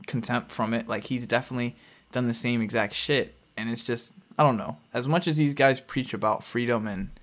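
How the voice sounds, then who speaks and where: A man's voice: medium pitch, brisk, fairly bright tone. A man co-hosting a podcast in casual chat, talking animatedly and mocking others by mimicking their posts. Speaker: podcast co-host.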